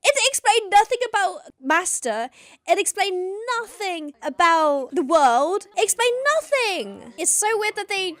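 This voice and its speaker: A young woman hosting a casual reaction video, excitable, gasping, laughing and swearing as she talks. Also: extremely high pitch, a little slow, dry recording. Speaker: host reacting to a TV show.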